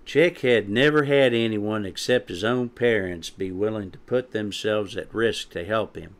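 A man reading a children's storybook aloud as narrator, unhurried and expressive. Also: fairly low pitch.

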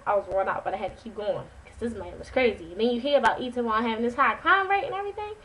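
Woman vlogger, high-pitched, animated casual storyteller. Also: racing, low-quality recording. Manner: animated, chatty, dramatic retelling.

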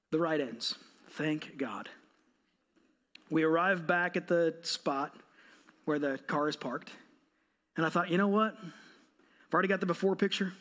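A man's voice: fairly high pitch, unhurried, long pauses, fairly bright tone. A man in his thirties, a pastor giving a sermon, telling a self-mocking, humorous story. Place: church.

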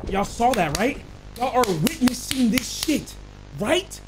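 A young man commentating a horror game, excitable and loud, swearing and yelling at the game, with game music playing behind him. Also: very high voice, takes it slowly, very noisy. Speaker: gaming streamer.

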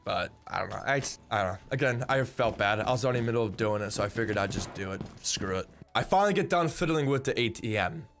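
A man's voice: lowish voice, animated, fast, few pauses, a bit bright, a little hiss or hum. A young man telling a story in a casual, rambling way, often repeating words and swearing bluntly. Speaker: vlogger.

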